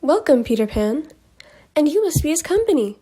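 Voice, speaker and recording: A woman's voice: high voice, very animated, normal speed, warm tone. A teenage girl playing a cheerful, inviting party hostess in a school play. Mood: welcoming. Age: teens.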